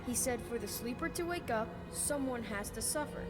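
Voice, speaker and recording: A woman's voice: a little high, animated, moderate pace, close to an everyday voice. A woman voicing a frightened young boy in a video game, pleading and urgent. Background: game music.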